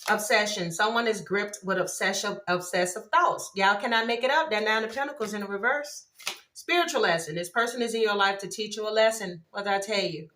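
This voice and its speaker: This tarot reader speaks fairly quickly at a medium pitch, reading cards casually for her viewers. Each flip draws an excited exclamation, and laughter comes often.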